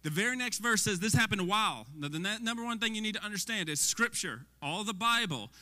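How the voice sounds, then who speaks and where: A man preaching a sermon in a lively, conversational way, often asking the audience questions. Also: high voice, a little fast. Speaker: pastor. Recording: long hall reverb.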